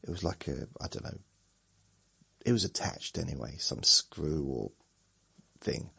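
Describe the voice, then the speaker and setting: Low gravelly man, rambling. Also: animated, unhurried, sharp tone. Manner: meandering, self-mocking, chuckles at himself. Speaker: podcast host. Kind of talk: rambling sleep podcast monologue.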